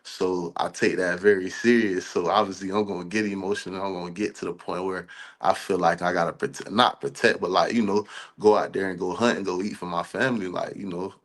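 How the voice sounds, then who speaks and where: Deep-voiced young man, laid back. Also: fairly quick. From Florida. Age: young adult. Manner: relaxed, rambling, fillers like "you feel me". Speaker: college football player, guest. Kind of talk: casual podcast interview.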